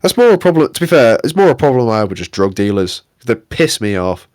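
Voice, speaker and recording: A man's voice: medium pitch, big pitch swings, fast talker, a little mellow, no room sound, studio quality. Sweary young man ranting. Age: young adult. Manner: sweary, exasperated ranting with mock impressions. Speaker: podcast co-host. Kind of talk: casual ranting chat.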